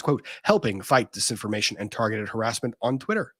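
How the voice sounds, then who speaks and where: Husky man reading a court filing. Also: medium pitch, lively intonation, brisk, hardly any pauses, a bit bright. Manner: sarcastic asides between read passages. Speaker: host. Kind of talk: reading legal documents aloud with commentary.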